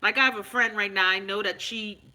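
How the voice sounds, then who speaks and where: A Bahamian woman hosting a casual live stream, frank and animated, swearing freely and answering viewer comments. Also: mid-range voice, brisk. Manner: loud, animated, talks back to viewer comments.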